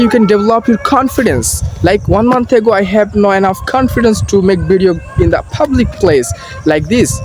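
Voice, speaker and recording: A young Bangladeshi man with a Bangladeshi accent, walking and vlogging by paddy fields, speaking earnest, halting English as a learner. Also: sits high. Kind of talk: casual walking vlog. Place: outdoors by paddy fields and a canal. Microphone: phone on a selfie stick. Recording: noisy outdoor phone recording.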